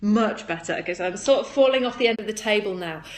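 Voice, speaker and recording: A woman chats on a livestream in a bubbly, high-energy, giggly way, greeting viewers and reading their comments aloud. Her voice sits at an ordinary middle pitch. She talks into a phone camera at close range from a table indoors. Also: fast talker. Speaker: livestream host selling flower essences.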